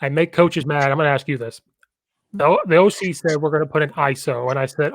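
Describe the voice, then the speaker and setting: A man's voice: a little high, fast, no echo. Eager, rambling male podcast host. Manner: enthusiastic, rambling storyteller. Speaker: podcast host, football coach. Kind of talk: casual coaching chat.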